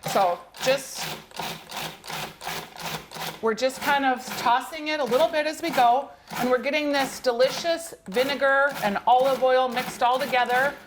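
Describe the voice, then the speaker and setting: A woman's voice: high voice, steady tone, unhurried, noisy background. A woman, chatty and upbeat, walking through a cooking demonstration on a TV show. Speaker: cooking segment guest.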